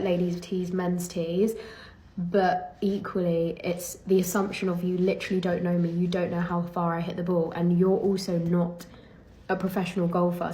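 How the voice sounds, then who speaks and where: A woman's voice: lowish voice, dark tone. Young English woman ranting to camera. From England. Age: young adult. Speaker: professional golfer. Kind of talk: casual vlog rant to camera.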